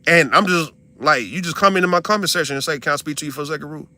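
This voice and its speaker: A young man, ranting to his stream audience in a heated, profane, incredulous way, swinging from loud outbursts to low mutters. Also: very fast. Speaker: livestreamer venting to his audience. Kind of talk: heated casual rant.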